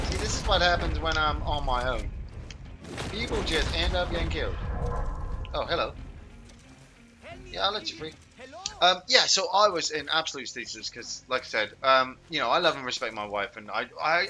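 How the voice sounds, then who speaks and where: A man chatting casually while playing a video game, rambling, swearing, and breaking off his own sentences. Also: fairly high pitch. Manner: rambling, swearing, self-interrupting. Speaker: game streamer. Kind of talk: casual gameplay commentary.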